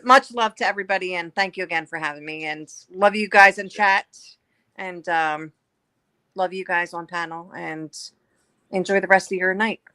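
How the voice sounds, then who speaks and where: A woman's voice: lowish voice, moderate pace, pushed and bright, dry recording. A woman guest co-hosting a casual livestream podcast, giggly and affectionate with the others. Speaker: guest co-host.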